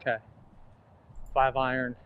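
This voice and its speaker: A man's voice: medium pitch, monotone, measured pace, clear, resonant tone, narrow, tinny audio. A man playing golf on a livestream, talking through his shots in a matter-of-fact, dry way, with casual swearing. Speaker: golfer on a livestream. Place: outdoors on a golf course.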